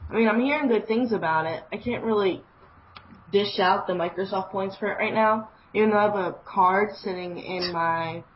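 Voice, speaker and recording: A woman in a casual gaming podcast chat, talking chattily and laughing often. Her voice has a middle pitch for a woman. The sound is dull and lo-fi, with a faint hiss. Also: normal speed. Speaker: podcast co-host.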